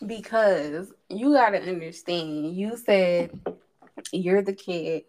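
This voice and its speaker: A woman's voice: lowish voice, slow, a little mellow, slight background noise, poor audio. A woman co-hosting a podcast in casual chat, emotional and blunt, using slang freely. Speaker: podcast co-host.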